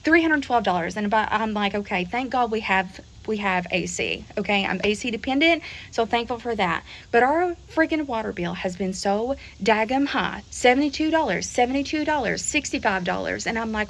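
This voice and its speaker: A woman's voice: medium pitch, expressive, fairly quick, hardly any pauses, fairly bright tone. A woman venting to camera in an exasperated, emphatic rant, repeating herself.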